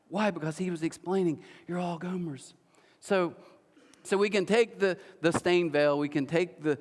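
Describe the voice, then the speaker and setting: Animated man preaching in a big hall. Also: on the high side. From United States. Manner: animated storytelling, acts out quoted voices, many restarts. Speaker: pastor. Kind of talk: sermon. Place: church auditorium.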